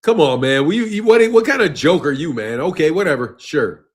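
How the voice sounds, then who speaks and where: Speaking at normal speed, this young man has a slightly high, animated voice. He runs a boxing channel's live stream, where he laughs, curses and gets exasperated while arguing with commenters.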